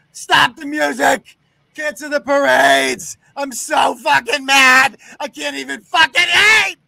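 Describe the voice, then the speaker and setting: A man's voice: very high voice, gravelly, pushed and bright, dry recording, voice pushed up, full character voice. A man putting on a melodramatic, sobbing woman who wails and shrieks in a mocking send-up. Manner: shrieking, wailing mockery.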